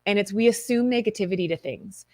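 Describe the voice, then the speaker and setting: A woman's voice: mid-range voice, quick pace, darkish tone, no echo, clean studio sound. A woman hosting a live stream, reading viewer comments and telling candid stories with quoted inner voices.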